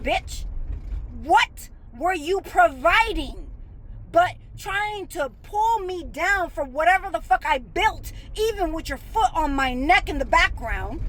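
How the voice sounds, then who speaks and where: A woman's voice: very high-pitched, rough recording. A woman venting in an angry, profane monologue, bitter and sarcastic, hammering her points with emphasis.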